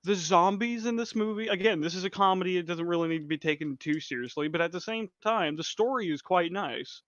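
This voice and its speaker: A man's voice: sits high, fairly quick, fairly bright tone, dry recording. A man co-hosting a casual movie chat, swearing freely and laughing often. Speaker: podcast co-host. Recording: dull, lo-fi and dry.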